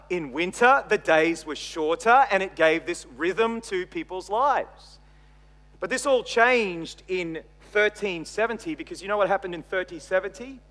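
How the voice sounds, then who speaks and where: A middle-aged Australian man preaching a sermon, swinging between loud emphasis and quiet asides. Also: sits high. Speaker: pastor. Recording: long reverb from a large hall.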